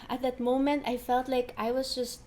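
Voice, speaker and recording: A woman guest on an interview podcast with a slightly raised pitch. She speaks in a reflective, measured and earnest way. A faint hiss sits under her voice. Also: little pitch movement, darkish tone. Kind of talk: conversational interview.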